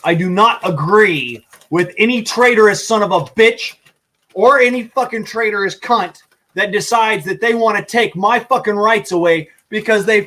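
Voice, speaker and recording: Angry high-voiced man ranting. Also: normal speed, bright, forceful tone. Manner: heated, swearing constantly. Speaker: vlogger. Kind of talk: angry profane rant.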